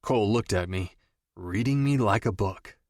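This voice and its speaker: A man reading a first-person romance audiobook with steady, understated storytelling. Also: fairly low pitch, normal speed, no echo, studio quality. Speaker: audiobook narrator.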